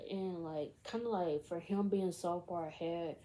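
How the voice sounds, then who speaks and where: A woman's voice: fairly low pitch, fairly even intonation, unhurried, mellow, a little hiss or hum, poor audio. A woman casually retelling a film's plot in a rambling way, filling every gap with "like" and "you know". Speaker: film recap vlogger.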